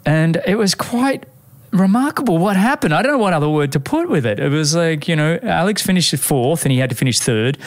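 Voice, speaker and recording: A man's voice: fairly high pitch, animated, fairly quick, no echo. A man hosting a podcast interview in a friendly, chatty way, calling his guest mate. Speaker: podcast host. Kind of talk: casual interview chat.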